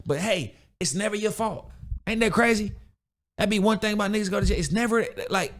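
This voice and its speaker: A man's voice: high voice, quick pace. A man hosting a podcast, giving a casual motivational rant in a blunt, preachy, slangy way, repeating himself and acting out other people in quoted voices. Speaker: podcast host.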